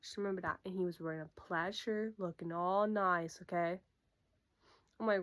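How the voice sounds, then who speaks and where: A young woman in casual storytime chat, retelling a breakup in an animated way and acting out what everyone said. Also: lowish voice, normal speed. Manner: animated, quotes people with "I'm like". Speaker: YouTuber.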